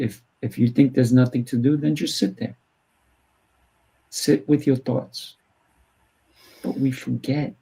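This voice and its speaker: This martial arts teacher hosts a laid-back interview, his medium-pitched voice warm, creaky and husky. He takes a firm coaching tone and plays out short dialogues with children. Audio quality is poor.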